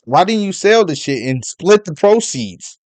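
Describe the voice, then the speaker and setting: A man's voice: sits high, sing-song, measured pace, darkish tone, no room sound. A man giving casual ranting commentary, profane and rambling, piling up rhetorical questions between stammered fillers. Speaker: commentary vlogger.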